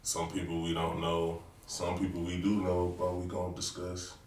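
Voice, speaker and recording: Male podcast host, very low voice, rambling casual delivery, roomy lo-fi sound. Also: monotone, normal speed, darkish tone. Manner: loose, rambling, cursing, stop-start. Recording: echoey room, distant mic, noisy.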